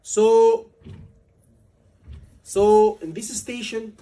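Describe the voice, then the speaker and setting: A man's voice: high voice, wildly swooping pitch, drawn-out words, dark tone, distant mic. A man, tutoring a class for a medical exam, emphatic and repeating key words over and over. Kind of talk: classroom lecture.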